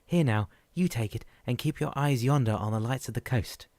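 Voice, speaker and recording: A man's voice: mid-range voice, moderate pace, a little mellow, dry recording, pitched above the performer's own voice, natural voice. A man reading an audiobook, voicing a stern little wooden-faced male boatman who lectures and gives orders in a raised voice. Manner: lecturing, commanding.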